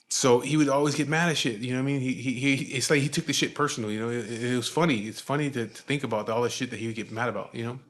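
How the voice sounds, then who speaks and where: A man in his forties from Southern California tells a story in a loose, casual way. He swears often and keeps dropping fillers. His voice sits at an ordinary middle pitch. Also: steady tone, racing, hardly any pauses, fairly bright tone. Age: 40s. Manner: laid-back and profane, with frequent fillers.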